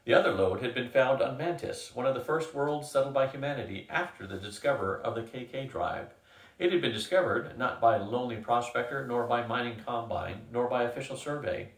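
Older man reading a novel aloud. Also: mid-range voice. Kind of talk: book reading. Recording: echoey room, from a distance.

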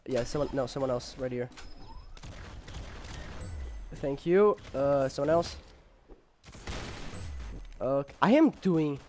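A young man casually commenting on his gameplay, rambling with lots of fillers and jokes, and sometimes yelling when excited. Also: mid-range voice, slow pace, long pauses, slight background noise. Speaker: gamer.

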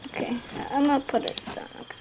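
A woman giving casual gameplay commentary, giggling and rambling, trailing off mid-sentence and bursting into excited shouts. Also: fast, background noise. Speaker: gaming YouTuber.

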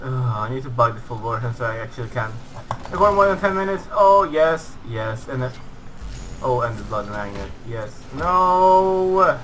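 Excitable young man commentating a game. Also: medium pitch, moderate pace, slight background noise, low-quality recording. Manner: excitable, swearing, yells at the bots. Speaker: gaming channel host. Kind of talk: gameplay commentary.

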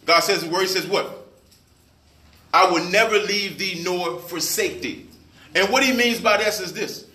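In a church, a pastor preaches a sermon and puts questions to his congregation in call-and-response style. His voice is high, bright, and forceful, captured in an echoey room from a distant mic.

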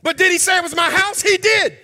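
A man preaching a sermon in a church, emphatic and colloquial, sometimes breaking into shouts. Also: very high voice, fairly quick. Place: church sanctuary. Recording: long hall reverb.

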